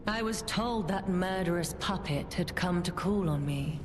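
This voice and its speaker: A woman voicing a haughty, cruel boss villainess in a video game, speaking in a slow, scornful, theatrical way. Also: lowish voice, noisy background, natural voice. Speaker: boss character. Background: loud game music.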